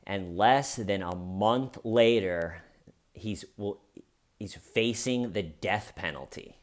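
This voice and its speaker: Man, lowish voice, casual storytelling, amused, animated, restarts sentences. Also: slow pace. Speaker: comedy channel host.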